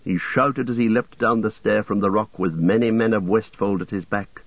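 A man narrating an audiobook in a steady, measured way, over a tinny radio-like sound. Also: fairly low pitch, dry recording.

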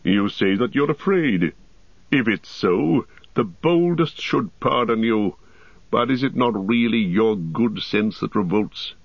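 A man's voice: on the low side, expressive, takes it slowly, creaky, no room sound, heavily acted. A man voicing a proud, volatile tall warrior who speaks in an impassioned, declamatory way. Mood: persuasive. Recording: dull, dry audiobook recording.

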